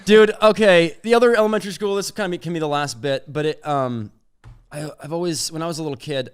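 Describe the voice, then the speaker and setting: A young man chatting casually as a podcast co-host, his voice a little higher than most. He rambles through anecdotes and fills every gap with "like.". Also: fast, smooth. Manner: rambling, many "like" fillers, laughs through stories. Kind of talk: casual chat.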